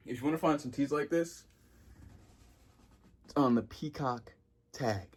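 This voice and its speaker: A man in his twenties talking casually in a vlog, slangy and excitable, with sudden jumps in pitch. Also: a little slow, long pauses, slightly rough. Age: 20s. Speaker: vintage clothing vlogger.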